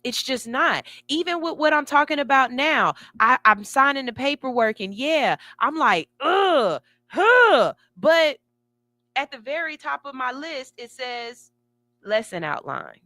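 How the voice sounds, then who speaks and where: Woman morning-radio host, motivational, sassy, bright edge to the voice. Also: high-pitched, unhurried, dry recording. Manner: emphatic, sassy, building excitement. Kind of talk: motivational talk.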